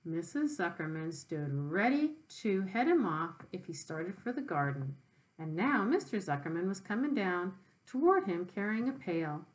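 A woman teacher reading a children's book aloud, pausing to explain words to young listeners. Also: lowish voice, rough recording. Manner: expressive, with brief explanations for children.

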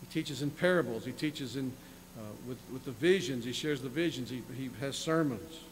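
A man's voice: medium pitch, moderate pace, slight background noise, low-quality recording. A male pastor preaching a sermon, reading scripture passages and then explaining them in plain asides, often repeating words and restarting phrases. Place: church sanctuary.

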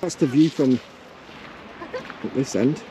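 This travel vlogger speaks slowly in a dark, mid-range voice while co-hosting a vlog on a beach. His casual chat is relaxed and jokey, and he mumbles to himself reading signs, all caught in a noisy outdoor recording.

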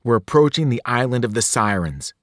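A man's voice: medium pitch, big pitch swings, fairly quick, a bit bright, dry recording. Man voicing a serious clever teen girl, earnest, grim, storybook reading, dry close sound. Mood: urgent.

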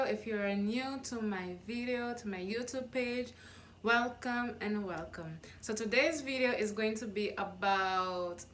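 A woman's voice: fairly high pitch, fairly bright tone, slight background noise. A young adult woman talking straight to viewers in a casual motivational vlog, earnest and encouraging, often restarting her sentences. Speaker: YouTube vlogger.

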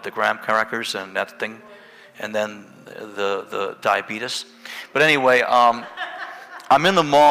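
A male pastor preaching a storytelling sermon, his voice gravelly with a bright, forceful edge. It swings from hushed asides to loud bursts. Long reverb from a church hall carries every line. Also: medium pitch. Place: church sanctuary.

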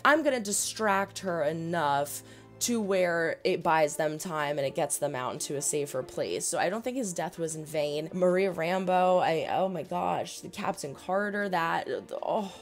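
A woman with a New Jersey accent and a lowish voice hosts a casual unboxing and review video. She gushes excitedly, chatting away with quick asides like a typical reaction video host.

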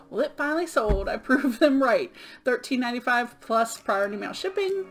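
A woman's voice: a little high, lively intonation, normal speed, a bit bright. Middle-aged woman vlogger, upbeat and chatty, a bit winded from illness, light background music. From Florida. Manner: chatty, upbeat, many ums. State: sick, out of breath. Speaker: eBay reseller vlogger. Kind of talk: casual show-and-tell vlog.

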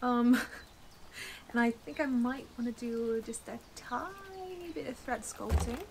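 A young woman vlogging a casual unboxing of a plush, excited and amazed, rambling with fillers and restarts, recorded on a camera mic on a tripod at home. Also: on the high side, slow, noisy background.

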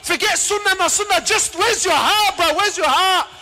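High-pitched man preaching with fire. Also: moderate pace. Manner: swings between shouted appeals and low asides; acts out dialogue in storytelling. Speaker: Islamic preacher. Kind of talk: passionate religious lecture. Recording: reverberant hall.

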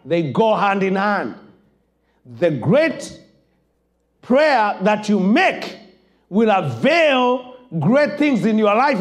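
A man preaching a sermon as pastor, impassioned and building to shouted emphasis. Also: sits high.

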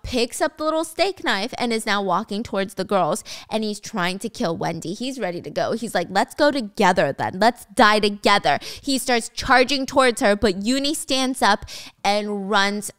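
Smooth-voiced woman telling a story. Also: mid-range voice, normal speed, fairly bright tone, no room sound, clean studio sound. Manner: casual, wry asides. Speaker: storytime podcast host. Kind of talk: dramatic storytelling.

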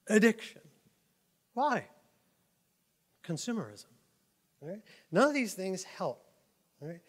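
A male pastor gives a loose, conversational sermon into a microphone in a church. His voice sits high for a man. He jokes a lot and keeps checking in with his listeners. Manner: chatty, joking, keeps asking "right?". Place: church sanctuary.

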